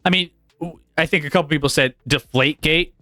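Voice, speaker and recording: A man's voice: on the high side, brisk, bright, forceful tone, no room sound, clean studio sound. A man co-hosting a sports talk show, thinking aloud in a tentative, meandering way. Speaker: sports podcast co-host. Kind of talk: casual sports debate.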